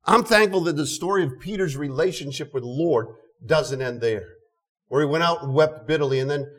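An older man preaching an earnest sermon, often repeating words and reading scripture slowly. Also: a little high, a bit bright. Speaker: pastor.

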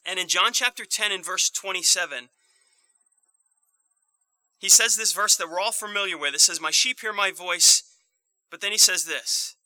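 A man's voice: sits high, normal speed, long pauses, sharp tone, no room sound, rough recording. A man preaching an evening sermon, earnest and emphatic, repeating key phrases and asking the congregation rhetorical questions.

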